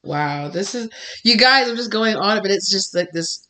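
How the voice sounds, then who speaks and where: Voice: medium pitch, animated, normal speed, sharp tone. A tarot reader giving a casual pick-a-card reading, rambling and effusive, with many "like"s and restarts.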